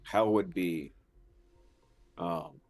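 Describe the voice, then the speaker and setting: Very deep slow guy describing his character in a tabletop game, keeps stalling with like and you know. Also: a little mellow, soft background music. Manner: halting, searching for words with many fillers. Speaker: player.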